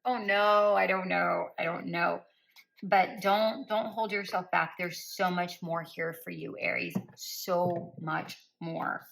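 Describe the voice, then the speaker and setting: A woman's voice: lowish voice, fairly even intonation, measured pace, gravelly, a bit bright, poor audio. A woman giving a spoken tarot reading. She speaks directly to listeners by star sign and repeats phrases for emphasis in a coaching tone. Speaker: tarot reader.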